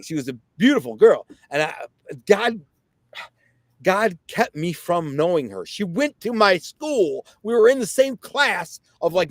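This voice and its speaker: A man's voice: high-pitched, no room sound. A man telling his life story as a podcast guest, casually and animatedly, with lots of fillers and restarted sentences. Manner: animated, reenacts others' words.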